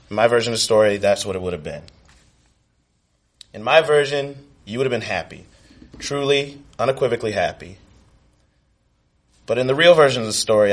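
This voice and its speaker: A man reads a personal piece aloud at a live show, soft and wistful with a heartfelt delivery. His voice sits a little low. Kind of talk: earnest reading of a personal piece.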